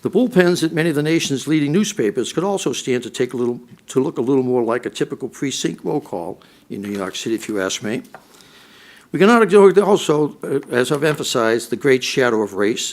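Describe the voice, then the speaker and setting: A man's voice: medium pitch, fast. Emphatic middle-aged man giving a speech. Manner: emphatic, repeats points for force. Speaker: former police chief speaking at a policy forum. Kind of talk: prepared public speech.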